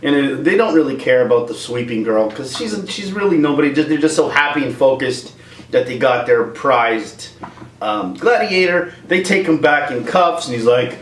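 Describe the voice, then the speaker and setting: A video creator goes on a rambling, comic rant in a room at home with a dog, slipping into voices. His mid-range voice is animated and moderately paced, recorded roomy and distant from the mic with slight background noise.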